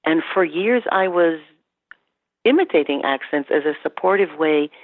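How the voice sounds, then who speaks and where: Animated woman on a tinny line. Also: sits low, normal speed, no room sound. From Canada. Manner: animated storytelling, quoting herself and clients. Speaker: guest expert on workplace incivility. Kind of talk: podcast interview. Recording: tinny phone-like line, dry.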